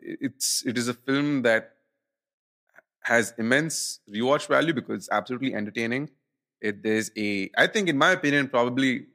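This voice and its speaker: A man's voice: medium pitch, fairly bright tone. A man co-hosting a podcast, chatting casually about films and rambling through fillers and restarts. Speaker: podcast co-host. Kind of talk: casual film chat.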